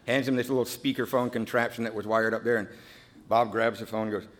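A man sharing his recovery story at a meeting, a lively storyteller who acts out the other people's voices and goes quiet and earnest when he reflects. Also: mid-range voice, fast.

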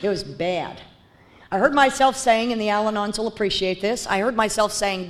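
A woman's voice: mid-range voice, normal speed, slight background noise. A woman speaking bluntly and candidly as she shares her recovery story, with frequent fillers and restarts. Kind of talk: personal testimony talk.

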